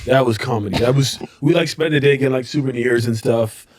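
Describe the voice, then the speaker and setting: A young man co-hosting a casual group podcast, telling animated stories and laughing often. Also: mid-range voice, a little fast, dry recording. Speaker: podcast co-host.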